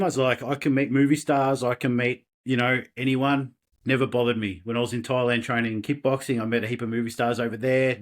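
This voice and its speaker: An Australian man, a podcast guest, telling personal stories in a casual, animated way with laughs and restarts. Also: mid-range voice. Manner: animated, laughing, self-deprecating, many restarts. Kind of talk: casual interview storytelling.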